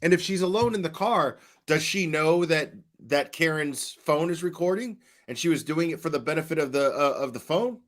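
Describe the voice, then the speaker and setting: A man's voice: a little high, animated, moderate pace, few pauses. A man giving casual true crime commentary, skeptical and questioning, stumbling over restarts and firing off rhetorical questions. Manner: acts out quoted dispatcher questions.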